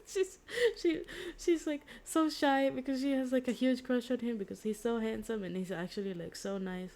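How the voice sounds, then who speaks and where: A young woman streaming from home, casually retelling a story in a rambling, excitable way, with lots of "like" and restarts. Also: fairly high pitch, normal speed, few pauses. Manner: giggly, excitable.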